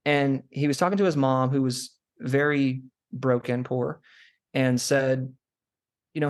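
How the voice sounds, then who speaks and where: A man's voice: mid-range voice, steady tone, measured pace. Chatty young man telling stories. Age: young adult. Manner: rambling storyteller, many "like" fillers. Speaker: podcast guest, chiropractor. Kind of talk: casual interview chat.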